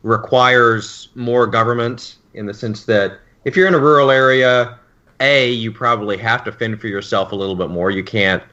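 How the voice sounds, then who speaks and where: A man's voice: mid-range voice, normal speed, sharp tone. A man hosting a podcast, asking long questions in a casual interview, with dry joking asides. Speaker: podcast host. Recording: dull lo-fi sound.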